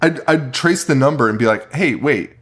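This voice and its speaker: A man's voice: mid-range voice, brisk, fairly bright tone. A young man co-hosting a podcast, recapping a horror movie in casual talk, swearing a lot and laughing often. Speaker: podcast co-host.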